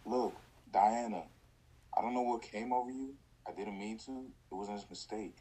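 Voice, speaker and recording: A man's voice: lowish voice, normal speed, dark tone, breathy edge, rough recording. A man playing a remorseful young man pleading with a woman in a drama rehearsal.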